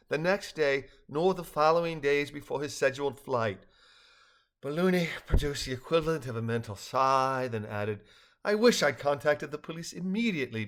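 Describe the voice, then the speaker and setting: Man reading a soft-spoken, troubled balloon being, earnest and lively in pitch. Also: lightly acted. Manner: earnest, measured storytelling. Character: gentle, troubled telepathic balloon creature.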